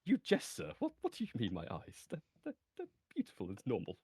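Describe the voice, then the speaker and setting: A man's voice: mid-range voice, wildly swooping pitch, fairly quick, vocal fry, darkish tone, slightly rough, dry recording, full character voice. A man voicing a vain, flamboyant male elf bard in a theatrical, flowery manner in a tabletop game.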